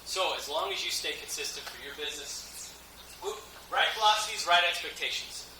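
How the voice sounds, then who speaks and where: A man telling a story to an audience at an event, animated and laughing often. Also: fairly high pitch, brisk, a little hiss or hum. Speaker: event speaker. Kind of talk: motivational storytelling talk. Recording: echoey hall from far off.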